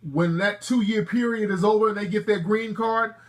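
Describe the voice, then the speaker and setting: This talk-show host has a high-pitched voice with a steady tone and a moderate pace. He takes calls in brash, joking banter, peppering it with street slang and lecturing the people who phone in.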